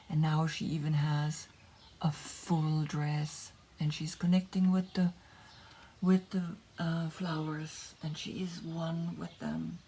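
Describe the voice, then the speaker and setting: A woman reads tarot in a soft, encouraging voice that often sinks into a whisper. Her tone is mellow and lowish, and she takes her time with every phrase. A faint hiss sits under the voice. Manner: gentle, encouraging, with frequent tag questions. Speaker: tarot reader. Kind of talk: tarot reading with guided meditation.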